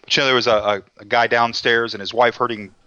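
A man's voice: mid-range voice, steady tone, fast talker, bright, forceful tone, no room sound, lo-fi sound. A man hosting a cooking show, chatting in a folksy, joking way. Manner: folksy, joking, says y'all a lot. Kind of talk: casual chat.

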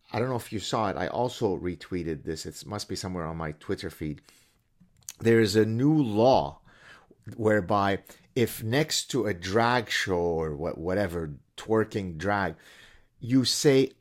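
A man hosting his own show, giving a sarcastic, animated commentary monologue full of mocking asides. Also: on the low side. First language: French. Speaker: host.

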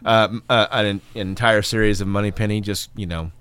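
A man's voice: fairly low pitch, flat delivery, a little fast, a bit bright, clear, resonant tone, no echo. A man co-hosting a podcast, playfully riffing and agreeing with his friend. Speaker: podcast co-host. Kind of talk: casual chat.

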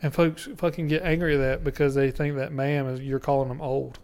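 A man's voice: medium pitch, flat delivery, a little fast, a little mellow. A man, co-hosting a casual podcast, blunt and swearing freely with frequent laughs. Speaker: podcast co-host. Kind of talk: casual chat.

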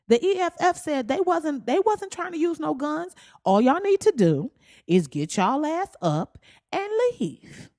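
Hosting a comedy podcast by herself, a woman speaks a little slowly, bluntly and with profanity, often bursting into high, animated exclamations. Her voice is dry and close-miked, with no room sound.

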